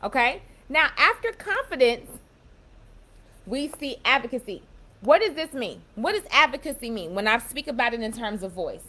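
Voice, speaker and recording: A young woman giving a casual motivational talk, emphatic and warm, often repeating and restarting her phrases as she explains. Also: fairly high pitch, sing-song, normal speed. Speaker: self-empowerment speaker.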